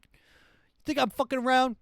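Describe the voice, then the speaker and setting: A man putting on a yelling profane president. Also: extremely high pitch, level tone, brisk, creaky, clear, resonant tone, no room sound, clean studio sound, voice pushed up, heavily acted. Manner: yelling, cursing, aggressive. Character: loud profane male future president.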